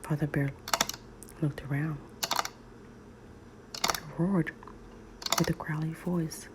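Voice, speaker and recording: Slow low whispering woman storyteller. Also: fairly even intonation, very noisy. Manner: soft, slow, soothing reading. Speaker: ASMR storyteller. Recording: loud nail tapping clicks.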